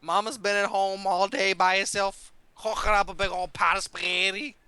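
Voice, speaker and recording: Man doing a pushy italian-american family guy, put-on accent, folksy, bright, clear. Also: sits high, flat delivery, fairly quick, no echo. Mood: pushy, jovial.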